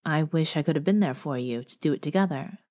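A woman's voice: sits low, fast, a little mellow. A woman voicing a brash, hot-tempered young male bear shifter who talks bluntly and swears, in an audiobook. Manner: blunt and profane.

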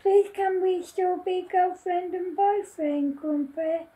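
A woman voicing a tearful little female monster in a storybook reading, pleading softly and slowly. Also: very high-pitched, fairly even intonation. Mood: sorry.

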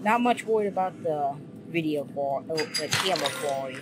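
A woman's voice: deep voice, animated, normal speed, heavy background noise. A woman giving casual, rambling commentary while playing a game, swearing and getting jumpy at scares. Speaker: gaming YouTuber.

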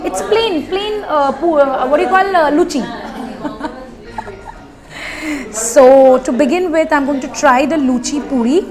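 High-voiced woman hosting a food vlog. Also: unhurried, pauses often, a crowd in the background. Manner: explains dishes with many fillers, switching to Hindi. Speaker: food vlogger host. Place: restaurant.

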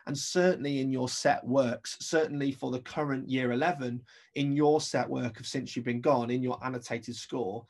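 A man's voice: mid-range voice, fairly even intonation, normal speed, vocal fry, darkish tone. A man teaching an English-accented remote music lesson, explaining step by step and counting beats aloud.

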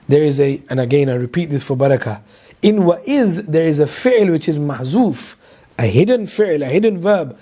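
A man with a high, husky voice teaches a Quran lesson. He talks in an animated way, stumbles over fillers and recites verses quickly. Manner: animated, mixes English with Urdu and Arabic recitation, many fillers. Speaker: Islamic teacher.

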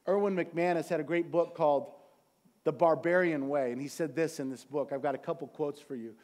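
High-voiced passionate male pastor. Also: normal speed. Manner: passionate preaching with sudden loud peaks and quiet asides. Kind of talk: sermon. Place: church sanctuary.

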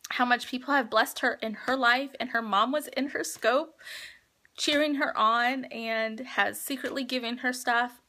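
A woman with a slightly high, pushed, bright voice hosts a livestream from her phone. She chats with viewers in a heartfelt, rambling way while announcing the giveaway winners.

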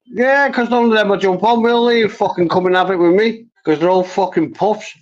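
High-voiced man swearing angrily. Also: moderate pace. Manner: aggressive, swearing constantly. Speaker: livestream panelist. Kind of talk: heated livestream argument. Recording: dull lo-fi stream audio.

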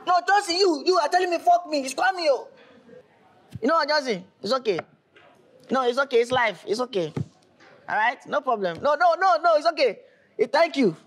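A man's voice: very high voice, expressive, fairly quick, pauses often, fairly bright tone. A man acting a flustered broke man who stammers and pleads over the phone in a comedy skit. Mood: pleading. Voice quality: stammering, repeats words.

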